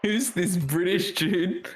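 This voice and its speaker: A man giving excited, joking commentary while playing a game with a friend, throwing in mock-British slang. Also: sits high. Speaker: gamer streaming with a friend.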